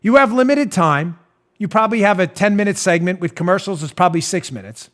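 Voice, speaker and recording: A man's voice: high-pitched, expressive, fairly quick, a bit bright. A man hosting a political talk show, giving sarcastic, mocking commentary into a studio mic and laughing at his own jabs. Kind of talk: opinionated commentary.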